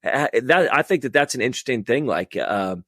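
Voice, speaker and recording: A male host talks over a video call, reflecting aloud and asking questions, often stammering through his restarts. His pitch sits in an ordinary middle range. The sound is dry and close, from a computer microphone. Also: expressive, a little fast, a bit bright, no room sound. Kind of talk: casual conversation about faith.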